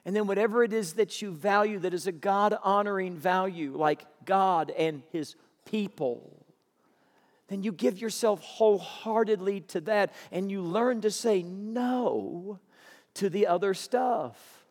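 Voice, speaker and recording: A man preaching a sermon as pastor, earnest and emphatic, slowing down to stress key phrases. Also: sits high, in a large hall.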